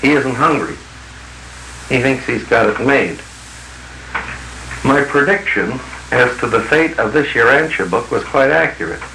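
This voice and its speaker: A man's voice: medium pitch, animated, unhurried, gravelly, pauses often, reverberant, noisy background. A man working as a business consultant tells blunt, folksy stories to a group in an archival 1950s recording. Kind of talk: anecdotal talk to a group.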